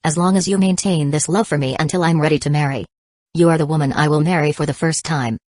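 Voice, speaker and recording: A woman reading the part of a calm, level-headed young man in an audiobook, in her own low voice with no character voice. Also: fast, no room sound. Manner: calm, even delivery.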